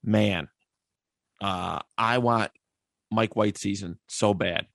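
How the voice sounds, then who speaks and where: A man's voice: lowish voice, takes it slowly, gravelly, fairly bright tone, dry recording, studio quality. A man hosting a casual sports podcast, running the picks and reading stats off a list. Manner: runs the segment, reads stats off a list. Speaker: podcast host.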